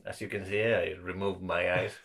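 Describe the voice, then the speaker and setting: A man with a South American Spanish accent voicing a blinded mythic king who introduces himself on a talent show in a deadpan, mock-formal way. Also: low voice, moderate pace, vocal fry, pitched below the performer's own voice. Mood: mock-solemn.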